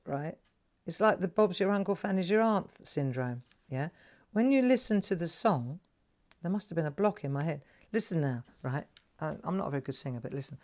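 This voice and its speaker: A woman in her sixties with a South London accent, chatting and laughing as host of a live craft stream, often tagging her sentences with "right?". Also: on the low side. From England. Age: 60s. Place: home craft room.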